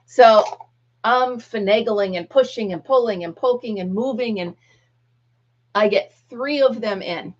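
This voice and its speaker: A woman's voice: on the high side, a little slow, lo-fi sound. A middle-aged woman hosting a live stream, chatting casually and acting out what people said in her story. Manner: chatty storyteller, acts out quotes. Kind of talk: casual chat with viewers.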